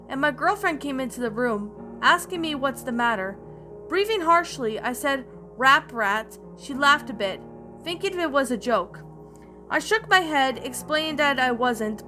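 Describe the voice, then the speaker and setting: A woman narrating a creepy story in a slightly halting reading voice, with restarts, over faint background music. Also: high voice, lively intonation, bright, forceful tone.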